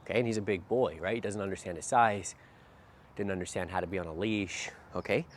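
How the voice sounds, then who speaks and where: A man's voice: deep voice, a little fast. A man working as a dog trainer, explaining while he walks a dog outdoors, with a habit of asking "right?" after short phrases. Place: outdoors by a street. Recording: faint outdoor noise.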